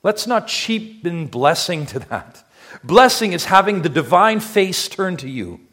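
A man's voice: high-pitched, sing-song, a little slow, fairly bright tone. A man preaching a sermon as pastor, emphatic, drawing the congregation in with rhetorical questions he answers himself.

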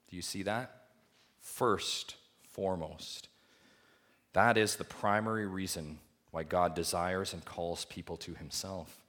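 Low-voiced man preaching with sweeping emphasis. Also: fairly even intonation, slow. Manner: rising to emphatic high peaks, then dropping soft and low; asks the congregation rhetorical questions. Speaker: pastor. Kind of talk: sermon.

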